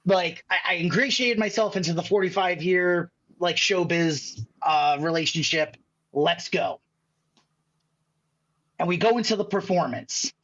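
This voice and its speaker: Animated male magician guest from the Chicago area, slightly high voice, recorded on muffled lo-fi audio. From Chicago area, USA. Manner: animated anecdote-telling, acting out others' lines. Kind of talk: casual podcast storytelling.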